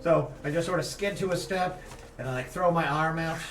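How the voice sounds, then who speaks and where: A man's voice: a little high, brisk, fairly bright tone, reverberant, far from the mic, slight background noise. A man playing in a tabletop game, describing his character and laughing often. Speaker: player. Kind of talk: casual game chat.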